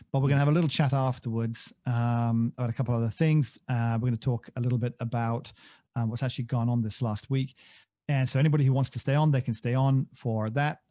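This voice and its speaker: A man's voice: medium pitch, mellow, no echo, studio quality. A man co-hosting a podcast in casual chat, rambling and joking at his own expense. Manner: rambling, jokey, self-deprecating. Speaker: podcast co-host.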